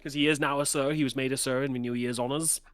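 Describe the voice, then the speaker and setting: Casting note: male book club member, casual and animated, dry close sound, mid pitch. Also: fast, clear, resonant tone, dry recording. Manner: animated, breaks into voices for examples. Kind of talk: casual chat.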